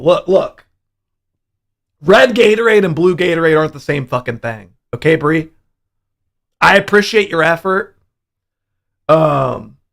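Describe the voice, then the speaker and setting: A young man hosting a casual livestream, telling a profane, animated story about his hangover. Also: fairly high pitch, creaky. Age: young adult. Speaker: livestream host.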